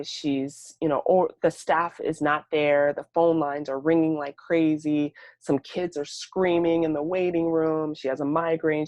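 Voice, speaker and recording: A woman presents a webinar with a low voice that is dry and close. She talks in a conversational way, telling stories and using plenty of fillers. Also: a little mellow, no room sound. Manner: conversational, storytelling, frequent fillers. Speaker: presenter, mental health clinician.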